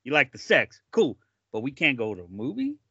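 A man's voice: mid-range voice, wildly swooping pitch, a little fast, pushed and bright, husky, no room sound. A man hosting a casual chat, emphatic and profane, giving blunt advice with playful reactions. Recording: dry, dull lo-fi sound.

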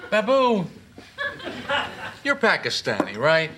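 A man's voice: fairly high pitch, huge pitch swings, slow, noisy background, exaggerated voice. An actor playing a wry, fussy and self-satisfied man in a sitcom clip. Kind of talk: sitcom dialogue.

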